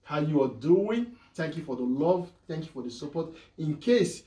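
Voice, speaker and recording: Lively man, vlog host, a bit high, echoey room, mic far off. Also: normal speed. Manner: loud, animated, repeats "guys" often. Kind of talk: casual mukbang vlog chat.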